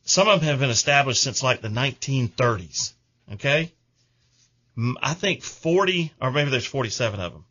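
Bright-voiced man hosting radio. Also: medium pitch, lively intonation, normal speed, highs cut off. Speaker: radio show host. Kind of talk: casual radio chat.

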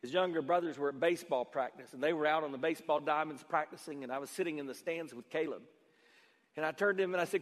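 A man preaching a sermon as pastor, telling a story with acted-out dialogue that swings from loud to quiet. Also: on the high side, fast talker, in a large hall.

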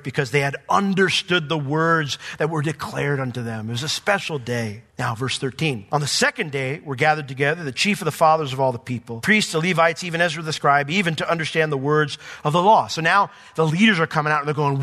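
A man preaching a sermon as pastor, reading scripture aloud and explaining it verse by verse, swinging from quiet asides to raised emphatic points. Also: on the high side, fairly quick, few pauses.

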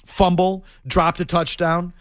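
A man's voice: high voice, slow, no room sound. A man hosting a sports talk show, ranting in an emphatic, exasperated way. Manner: animated, emphatic, exasperated rants.

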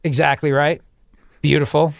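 A male radio host with a fairly high voice who rambles through sarcastic bits and keeps laughing at his own jokes. He is recorded close on a dry studio microphone. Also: little pitch movement, moderate pace, creaky, no room sound. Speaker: radio talk show host. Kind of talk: joking radio banter.

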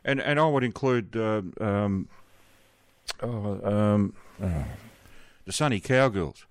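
An older man with a fairly low voice hosts a radio interview. He rambles, chatty and full of fillers. His voice sounds close and dry. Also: takes it slowly, dry recording. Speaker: radio host.

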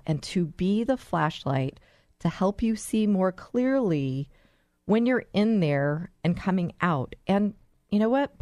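A woman's voice: fairly low pitch, darkish tone, no room sound. A woman hosting a talk show, addressing listeners in an enthusiastic, storytelling way. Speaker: host.

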